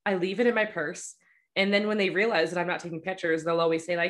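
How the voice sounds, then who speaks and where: A woman photographer with a slightly low voice, talking casually and bluntly. She jokes about herself as a smart aleck and acts out little exchanges with friends. Her tone stays chatty and frank. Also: fairly even intonation, fast. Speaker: photographer and podcast host. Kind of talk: casual podcast chat.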